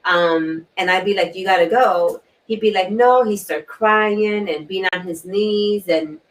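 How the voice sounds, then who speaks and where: A woman hosting a talk show, sharing a personal story in an earnest way, repeating key words and often clearing her throat. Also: medium pitch, measured pace. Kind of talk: personal testimony in a panel talk. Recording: distant mic.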